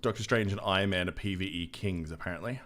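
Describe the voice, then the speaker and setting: A young man streaming a game, chatting casually with a relaxed, joking manner and casual swearing. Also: sits low, fast, slight background noise. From Australia. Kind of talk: casual gameplay chat.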